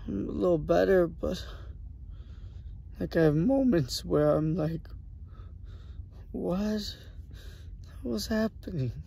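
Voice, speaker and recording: A man recording a soft, halting late-night video diary while grieving and worn out. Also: on the high side, gravelly, breathy edge. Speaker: vlogger. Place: small private sleeping area, indoors.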